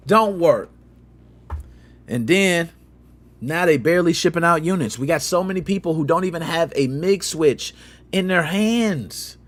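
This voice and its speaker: Fairly high in pitch and unhurried, a gaming-channel host spins a story with slangy, animated commentary and acts out quotes complete with sound effects.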